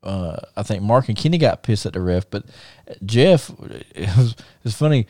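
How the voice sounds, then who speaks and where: Man, podcast host, mellow dark voice, dry close sound, laughs a lot, rambling chat. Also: on the low side, lively intonation, normal speed, no room sound. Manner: rambling, laughs often, many restarts. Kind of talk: casual storytelling chat.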